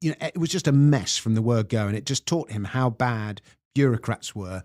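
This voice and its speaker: An English man talking as an animated storyteller, explaining history to his host. His voice sits at an ordinary middle pitch. The sound is dry and close, with no room echo. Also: normal speed. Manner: animated storyteller, reads quotes aloud. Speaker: guest author.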